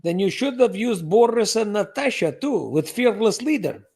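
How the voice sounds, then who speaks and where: A man runs a casual live stream chat, joking and telling rambling stories. His voice sits high and has a husky rasp to it. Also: expressive, moderate pace, a little mellow. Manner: jokey, rambling storyteller who reads out chat comments.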